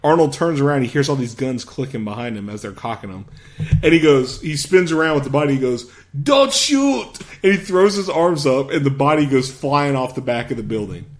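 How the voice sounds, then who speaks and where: A man's voice: mid-range voice, a little fast. A man co-hosting a podcast, animatedly recapping a movie and acting out its scenes in big voices. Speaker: podcast co-host. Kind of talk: casual movie recap chat.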